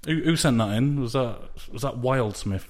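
A man's voice: mid-range voice, normal speed, a little mellow. A man co-hosting a podcast in casual chat, laid-back and teasing his co-host.

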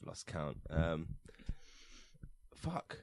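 A man's voice: a bass voice, big pitch swings, extremely slow, no echo. A British man co-hosting a comedic radio show, playful and giggly, with theatrical introductions. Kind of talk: casual comedic chat.

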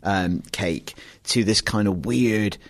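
A man's voice: lowish voice, slow pace. A man with a British accent co-hosting a podcast in casual, jokey chat, dry and mocking when he reads quotes aloud. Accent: British English. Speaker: podcast co-host.

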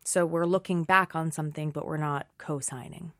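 Middle-aged woman, low voice, chatty and self-mocking, dry close mic. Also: normal speed, no echo. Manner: animated, self-deprecating, laughs often. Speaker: guest, Broadway actress. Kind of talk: casual interview chat.

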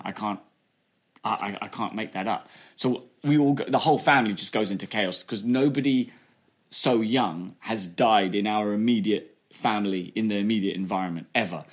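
A man with a lowish voice, telling his story in a quick, chatty flow. He keeps checking in with the listener as he goes. He sounds like a working stand-up comedian sitting for an interview. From England. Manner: fast and chatty, fillers like "right?" and "you know". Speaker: comedian guest.

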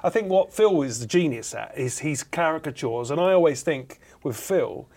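A man's voice: a little high, lively intonation, normal speed, a little mellow. A man with an Essex accent, a team captain on a comedy panel show, chatting in a rambling, storytelling way. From Southend, England. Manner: chatty, rambling, does impressions.

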